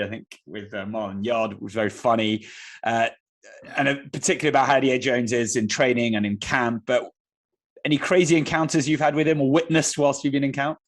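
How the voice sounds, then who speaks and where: A man hosting a casual podcast interview, asking questions conversationally with filler pauses. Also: mid-range voice. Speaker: podcast host.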